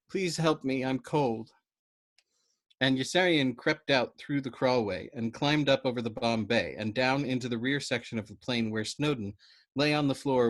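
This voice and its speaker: A man reads a novel aloud in narration. His delivery is steady and low-key, at an everyday middling pitch. He keeps it plain between the voiced lines. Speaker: storyteller.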